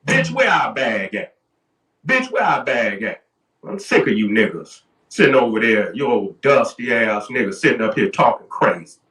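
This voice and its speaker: A man's voice: mid-range voice, big pitch swings, moderate pace, bright, forceful tone, echoey room, distant mic. A man on a livestream in a heated, profane, confrontational rant, often repeating himself.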